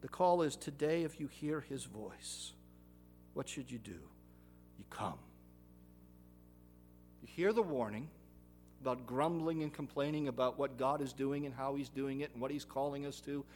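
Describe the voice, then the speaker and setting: A male pastor preaching a sermon in an earnest voice, rising louder and higher on his exhortations, then closing in prayer. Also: a little slow, long pauses, slight background noise.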